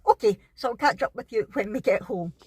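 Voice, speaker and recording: A woman's voice: mid-range voice, expressive, brisk, husky. A Scottish woman, middle-aged, chatting casually to camera in a family vlog, rambling with lots of ums and little laughs. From Scotland. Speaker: vlogger.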